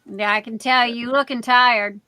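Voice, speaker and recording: Brief: woman, high bright voice, slow easy replies. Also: fairly even intonation, clear, resonant tone, no room sound. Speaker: live stream chat participant. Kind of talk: casual chat.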